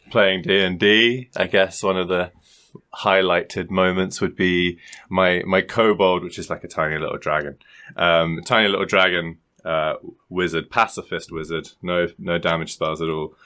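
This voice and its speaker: A man's voice: sits low, pushed and bright, smooth. A man co-hosting a podcast, telling a rambling story in casual chat, swearing freely and laughing often. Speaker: podcast co-host.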